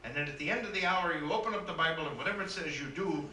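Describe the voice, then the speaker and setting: A man's voice: a little high, very fast, background noise, close to an everyday voice. A man voicing a kindly old male Irish priest in a joke, using a raised, coaxing delivery. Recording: echoey room from a distance.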